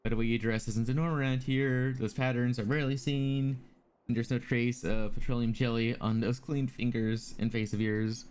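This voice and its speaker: A man's voice: medium pitch, steady tone, moderate pace, a little mellow, clear, resonant tone, natural voice. A man reading a rambling young zoologist woman. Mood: eager. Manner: rambling, eager. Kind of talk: reading game dialogue aloud.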